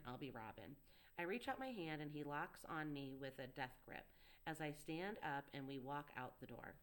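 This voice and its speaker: A woman narrating a first-person audiobook in a steady, intimate storytelling manner. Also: sits low.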